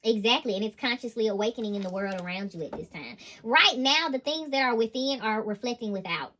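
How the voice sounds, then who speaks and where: High, bright-voiced woman tarot reader. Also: fairly quick. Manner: animated, emphatic and slangy, laughs often. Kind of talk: tarot reading monologue.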